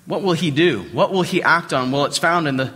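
Preaching in a church sanctuary, a Southern-accented American pastor talks conversationally, repeats phrases and poses questions to the congregation. His fairly high voice moves fairly quickly and sounds bright and forceful, with a breathy edge. Long hall reverb colors the recording.

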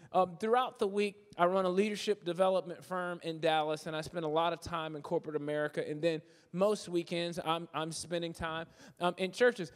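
Guy with a high voice preaching, jokey and animated, doing little voices, big church echo. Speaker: guest preacher. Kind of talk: humorous conversational sermon. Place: large church sanctuary. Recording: long hall reverb from a church.

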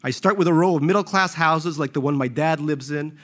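A man doing a calm blunt ex-employee. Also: a little high, lightly acted. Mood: accusing. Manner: level, reproachful, measured.

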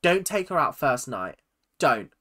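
A YouTube host giving casual, animated reaction commentary with frequent laughs and exclamations. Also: mid-range voice, a little slow.

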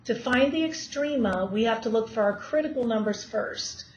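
Woman teacher lecturing a class, kinda high voice, dull lo-fi sound with faint hiss. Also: normal speed. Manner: asks students questions while working problems. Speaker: math teacher.

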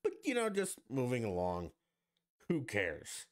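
A man's voice: medium pitch, wildly swooping pitch, measured pace. A man hosting a solo podcast, ranting in a profane, sarcastic and rambling way. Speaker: podcast host.

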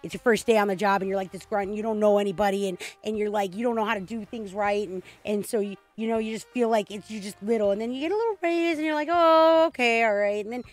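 A woman streaming a video game, chatting casually in an excitable, rambling way with frequent restarts. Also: mid-range voice, quick pace, hardly any pauses. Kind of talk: casual game livestream chat.

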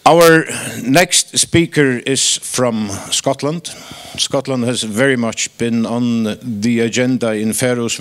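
A man moderating a conference, introducing the next speaker in plain, slightly halting English. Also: medium pitch.

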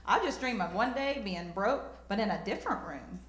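A woman's voice: mid-range voice, expressive, normal speed. A young woman with a Southern US accent doing a self-mocking, drawling stand-up set in a comedy club, talking into a handheld mic. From Southern US countryside. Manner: drawling, self-mocking, breaks into shouted rap bits. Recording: echoey club room.

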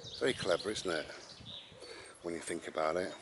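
A man's voice: low-pitched, a little fast, background noise. A man, rambling bluntly and sarcastically in an opinion monologue while walking his dog outdoors, swearing casually. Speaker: vlogger.

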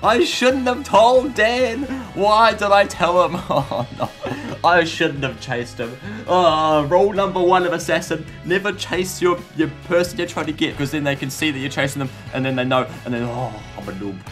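A young man giving excitable, goofy gameplay commentary as a channel host, yelping and shouting at sudden moments. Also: a little high, normal speed, faint music behind. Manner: goofy self-mocking banter.

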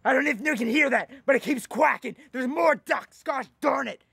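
A man's voice: extremely high pitch, fairly quick, creaky, bright, forceful tone, husky, no echo, exaggerated voice. A man playing a hot-tempered, boastful eighty-year-old food reviewer who rambles and rants, repeating himself as he goes. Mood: yelling. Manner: rambling, ranting, repeats "let me tell you something". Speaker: comedy YouTuber in character. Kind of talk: comedic character monologue.

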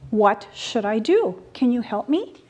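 A worried little boy cat asking anxiously for help, as a woman storyteller puts him on. The voice is a bit high and the pace slow and careful. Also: very animated, darkish tone. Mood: pleading. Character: worried young male cat.

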